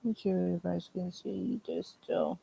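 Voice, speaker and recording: A woman's voice: lowish voice, a little slow, gravelly, breathy edge, low-quality recording. A woman reading a fan story aloud with a strained throat, breaking off now and then for chatty asides to viewers. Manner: steady, chatty asides between passages. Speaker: fan reading fanfiction in character.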